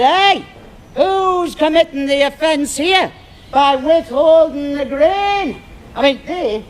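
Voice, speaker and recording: A woman's voice: high-pitched, a little hiss or hum, poor audio. An actress playing a defiant 1740s woman protest leader, singing and narrating in an outdoor musical show. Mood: fiery storytelling. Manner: rousing, rallying storyteller. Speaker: stage performer. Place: outdoors, live performance. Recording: loud live music behind.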